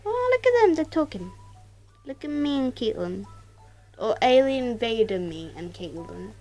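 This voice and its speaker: A woman doing casual let's-play commentary to her viewers, excitable, exclaiming and mildly swearing, recorded on a tablet. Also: fairly high pitch, normal speed, faint music behind. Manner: talks straight to viewers. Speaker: gaming YouTuber.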